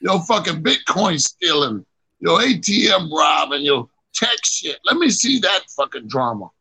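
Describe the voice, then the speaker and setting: A podcast co-host speaks in a high, lively register with a husky, bright edge. He tells profane stories in an animated, excitable rush, mid casual chat. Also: measured pace, low-quality recording.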